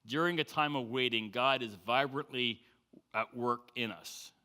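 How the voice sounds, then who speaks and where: A man preaching a sermon as pastor, telling stories with lively delivery and acting out the quoted voices. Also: mid-range voice, a little slow. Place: church sanctuary.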